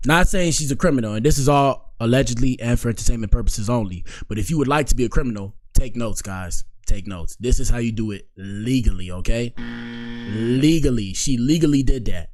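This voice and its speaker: A man's voice: mid-range voice, slight background noise. A man hosting a casual reaction stream, rambling and slangy, repeating himself as he jokes and comments. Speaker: streamer host.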